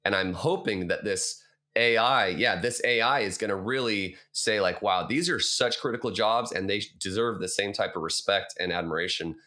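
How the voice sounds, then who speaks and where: Earnest low-voiced male podcast host. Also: normal speed, pushed and bright. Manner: earnest, thinking aloud. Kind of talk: casual interview chat.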